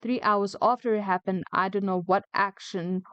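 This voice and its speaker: Smooth-voiced woman chatting and reading stories. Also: mid-range voice, steady tone, normal speed, a bit bright, no echo, dull audio. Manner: opinionated, chatty, indignant asides. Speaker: streamer reading and rating online retail stories. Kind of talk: casual chat mixed with reading stories aloud.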